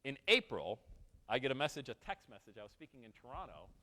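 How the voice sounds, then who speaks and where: Man in his forties, motivational speaker, lively swinging pitch, long hall reverb. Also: quick pace. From Western New York, USA. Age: 40s. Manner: animated, joking asides to the audience. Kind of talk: storytelling keynote talk. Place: event hall.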